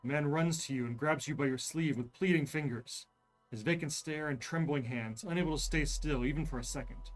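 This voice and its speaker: A man hosting a live reading of a horror gamebook, narrating in a measured, suspenseful way. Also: on the high side, soft background music.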